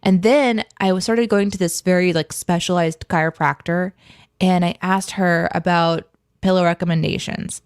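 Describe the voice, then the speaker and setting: A woman's voice: fairly low pitch, steady tone, normal speed, clean tone, dry recording, studio quality. A woman co-hosting a live morning stream from home, chatting casually in a rambling way and laughing often. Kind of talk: casual chat. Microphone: desk mic on an arm with webcam.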